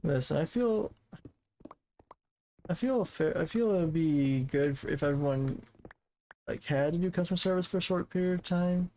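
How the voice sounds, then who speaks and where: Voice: medium pitch, moderate pace, long pauses, dark tone, slight background noise, low-quality recording. A streamer casually chatting and rambling while building in a game, often counting blocks aloud.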